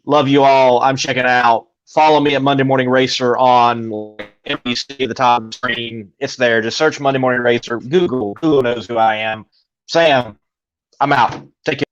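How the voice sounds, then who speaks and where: A man's voice: mid-range voice, fairly even intonation, normal speed, no room sound. A man co-hosting a live show from a hotel room over a video call, laid-back and joking in short remarks. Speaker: talk show co-host. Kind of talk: casual live show chat. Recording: dull lo-fi call audio.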